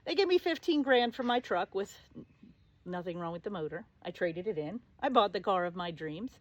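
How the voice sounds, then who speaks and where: A woman's voice: medium pitch, lively intonation, moderate pace, no room sound, muffled recording. A middle-aged woman hosting her own show, telling a personal story in a casual, sassy and sarcastic way. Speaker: show host.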